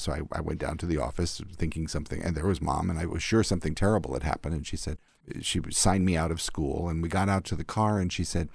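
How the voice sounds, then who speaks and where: An older man, an arts critic, recalling theater memories in a thoughtful, animated interview. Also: sits low, a little fast, gravelly, husky, no room sound. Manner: thoughtful, warmly animated storyteller. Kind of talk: reflective storytelling in an interview.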